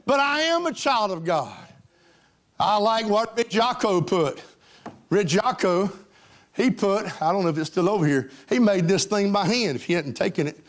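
A man with a high-pitched voice preaches a sermon from the front of a church. He urges the congregation on and draws responses from them as he goes. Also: moderate pace. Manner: exhorting, calls for congregation response. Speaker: pastor. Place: church sanctuary.

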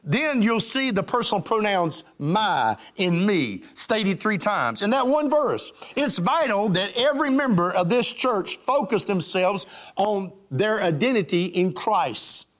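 A man with a high-pitched voice preaches a sermon from the front of a church. He urges the congregation on and draws responses from them as he goes. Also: very animated, unhurried, fairly bright tone. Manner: exhorting, calls for congregation response. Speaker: pastor. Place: church sanctuary.

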